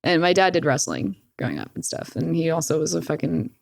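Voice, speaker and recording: Young woman, interview guest, candid, profane, lowish voice, dry close mic. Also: brisk, gravelly, no echo. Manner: candid, profane, animated retelling with frequent "like". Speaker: podcast guest. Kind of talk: casual storytelling.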